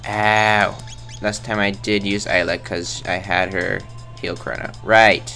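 A man's voice: deep voice, flat delivery, slow pace, creaky, bright, forceful tone, faint music behind. A man rambling through casual game commentary in a goofy, self-mocking way, tossing in silly sound effects. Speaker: let's play host.

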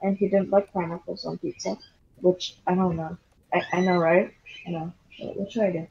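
A woman's voice: on the low side, flat delivery, moderate pace, gravelly, dark tone, highs cut off, slight background noise. A woman telling a rambling story in casual chat while gaming, full of fillers and restarts. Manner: rambling, giggly, repeats filler words.

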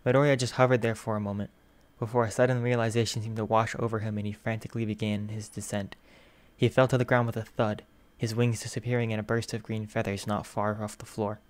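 A man narrating a fan fiction audiobook in a steady, even storytelling manner. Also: on the low side, fast talker.

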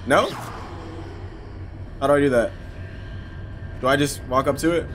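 Unhurried and prone to long pauses, this young man hosts a gaming channel, cracking jokes and making sarcastic digs at the characters as he plays. His voice is mid-range and a bit bright, with a little hiss or hum in the audio.

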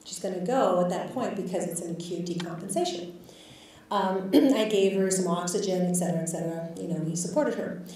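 A woman physician recounts a patient case to a class in a candid, reflective way, with a mellow, soft-toned voice and plenty of filler words. She is picked up from a distance in an echoey lecture hall, with faint room noise behind her. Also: fairly low pitch, a little fast. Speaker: physician guest speaker. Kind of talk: storytelling in a lecture.

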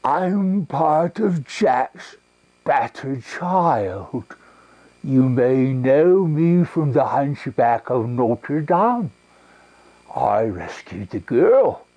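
A man voicing a meek, simple hunchbacked old bell-ringer, slow and breathy. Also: medium pitch, big pitch swings, dark tone, full character voice.

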